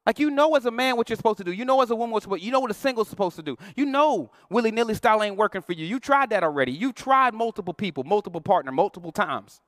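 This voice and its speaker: A man's voice: high voice, lively intonation, very fast, hardly any pauses, fairly bright tone, no echo, clean studio sound. A male pastor preaching a sermon in a playful, slangy, conversational way, acting out quoted voices.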